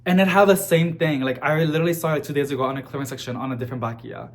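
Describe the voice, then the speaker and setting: A man vlogging about houseplants in a chatty, animated way, full of casual fillers. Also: fairly high pitch, racing, hardly any pauses, soft background music. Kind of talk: casual chat to camera.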